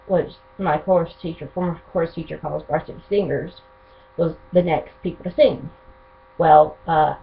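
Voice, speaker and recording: A young woman, chatting to camera in a rambling, eager way as a vlogger. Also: sits low. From North Carolina, USA. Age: 20s. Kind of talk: casual chat to camera. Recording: tinny phone-like lo-fi audio.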